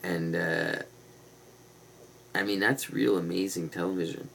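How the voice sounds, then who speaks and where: A man with a deep, gravelly voice rambles through a casual livestream monologue, drifting from point to point in a conspiratorial tone. His voice is low and rough, and a faint hiss of noise sits under the home recording. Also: steady tone, a little slow, fairly bright tone, low-quality recording. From Canada. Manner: meandering, conspiratorial, casual slang. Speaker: livestream host.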